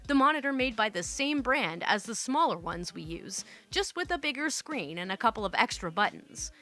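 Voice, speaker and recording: Bright-voiced woman, profane storyteller. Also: on the high side, very animated, moderate pace. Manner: casual and profane, with frequent laughter. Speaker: storytime channel host. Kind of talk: reading online stories with casual commentary.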